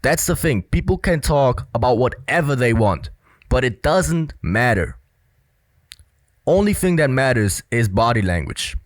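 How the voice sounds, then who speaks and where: A man's voice: medium pitch, big pitch swings, measured pace, dry recording. A young man giving casual commentary as a body language coach, earnest, with many fillers. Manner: earnest, repetitive, filler-heavy explaining.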